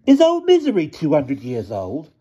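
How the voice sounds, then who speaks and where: A scornful teenage boy who leads a gang, his voice pitched high and quick with questions, as a man reading a story puts him on. The sound is dull and lo-fi. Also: wildly swooping pitch, warm tone, husky, exaggerated voice.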